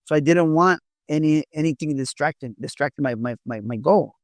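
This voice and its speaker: A middle-aged man, born in Mexico, speaks as an interview guest about his past. His voice sits a little high for a man, and he stumbles and restarts often. The sound is dry and close, with no room around it. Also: dry recording. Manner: halting, many restarts and repeated words. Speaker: interview guest, former police officer. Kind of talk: candid storytelling in an interview.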